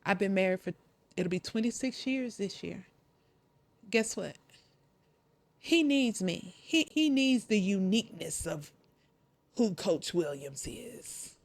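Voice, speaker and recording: A woman's voice: mid-range voice, takes it slowly, long pauses, no echo. A Southern-accented woman in her forties hosting a faith-based motivational talk, talking straight to her listeners and keeps breaking in with "listen". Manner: animated, preachy, talks straight to listeners with lots of "listen, y'all". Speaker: podcast host and life coach.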